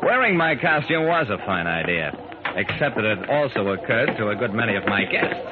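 A wry radio private eye. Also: male voice, lowish voice, very animated, normal speed. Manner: dry, amused first-person narration. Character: wry male private eye narrating his case. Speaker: detective narrator. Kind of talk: 1940s radio acting. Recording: tinny old radio broadcast with hiss.

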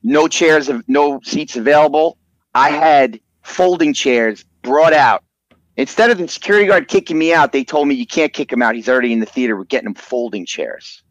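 A man tells a rambling anecdote in a lively, excited way. His voice sits at an ordinary middle pitch. The sound is close and dry, with no room around it. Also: normal speed, no echo, poor audio. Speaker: podcast guest. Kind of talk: animated storytelling.

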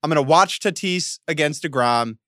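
A man's voice: a little high, moderate pace, pushed and bright, no room sound, clean studio sound. A young man co-hosting a podcast in casual chat, enthusiastic and rambling, often restarting his sentences. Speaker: podcast co-host.

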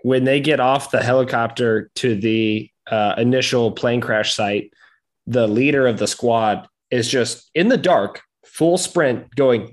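A man's voice: medium pitch, unhurried. A man co-hosting a podcast, telling jokes about a movie in a dry tone. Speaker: podcast co-host. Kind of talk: casual movie discussion.

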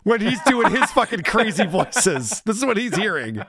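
A man's voice: sits high, sing-song, moderate pace, pushed and bright, slight background noise. A man co-hosting a casual comedy podcast, talking in a sarcastic, mocking way and laughing often. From Germany. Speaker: podcast co-host.

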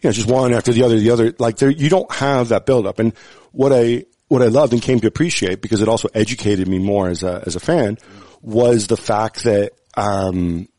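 A man's voice: on the low side, a little fast, warm tone, no room sound. A man chatting as a podcast guest, thoughtful and rambling, with frequent restarts and fillers. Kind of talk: casual chat.

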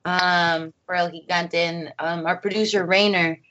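A woman filmmaker chatting as an interview guest, lively and full of acted-out quotes and laughter. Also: on the low side, a little slow, dull audio. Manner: animated, acts out quotes, laughs often. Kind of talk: casual interview chat. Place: home.

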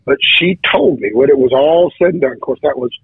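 Heard over a tinny phone line, this preacher guest shares his testimony in everyday talk, full of restarts and stuttered repetitions. He has a medium-pitched, creaky, husky voice, speaks a little fast, and the recording is dry.

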